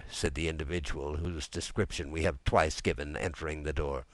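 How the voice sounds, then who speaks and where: A man narrating a classic novel as an audiobook in an expressive, theatrical reading. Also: a bass voice, fairly quick, few pauses, no room sound.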